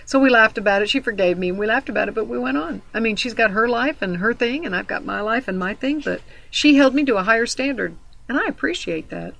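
A woman's voice: a little high, gravelly, a bit bright, low-quality recording. Earnest woman giving a devotional talk. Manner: earnest and emphatic, with personal stories. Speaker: Christian devotional speaker. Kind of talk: conversational devotional teaching.

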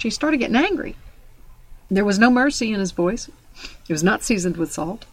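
A woman delivering a sermon in an easy, storytelling manner, weaving in scripture. Her voice sits at a middle pitch and is recorded close and dry, with no room echo. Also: animated, moderate pace, long pauses, breathy edge. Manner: storytelling, conversational with scripture quotes. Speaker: preacher.

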